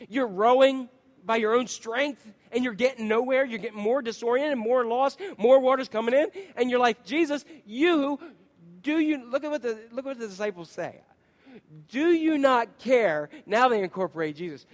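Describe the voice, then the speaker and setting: High-voiced animated preacher man. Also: moderate pace. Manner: animated storytelling, acts out quotes, asks the congregation questions. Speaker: pastor. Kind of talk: sermon.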